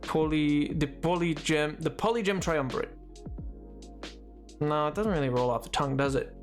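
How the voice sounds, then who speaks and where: A man's voice: a little high, moderate pace, soft background music. A man streaming live, chatting casually with viewers in a rambling, self-mocking way and laughing often.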